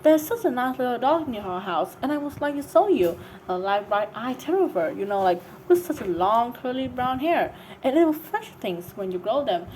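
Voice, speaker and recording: A woman's voice: fairly high pitch, very animated, normal speed, hardly any pauses, darkish tone, a little hiss or hum, poor audio. A woman voicing a polite, curious young girl who chatters eagerly in a storybook reading.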